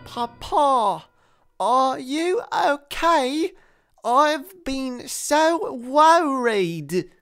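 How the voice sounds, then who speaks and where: A man voicing an earnest, melodramatic young hero son in an animated parody. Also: very high-pitched, very slow, faint music behind, full character voice. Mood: worried. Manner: melodramatic, emotional.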